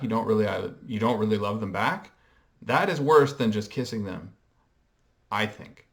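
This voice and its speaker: A man's voice: lowish voice, expressive, a little fast. A man vlogging casual commentary in a reflective, hesitant way, with frequent ums as he explains and coins terms. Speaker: pop culture vlogger.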